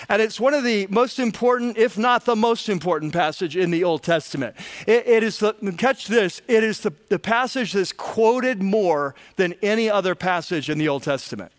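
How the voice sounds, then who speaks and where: A man's voice: high voice, lively intonation, moderate pace. A middle-aged man, a pastor, preaching a sermon in a conversational way, often repeating words as he restarts.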